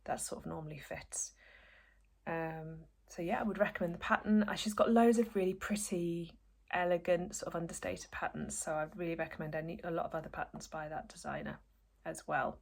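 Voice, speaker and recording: A woman's voice: on the low side, steady tone, brisk, vocal fry, darkish tone. A woman hosting a podcast, chatting casually to camera at home and rambling as she corrects herself. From northeast England. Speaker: podcast host.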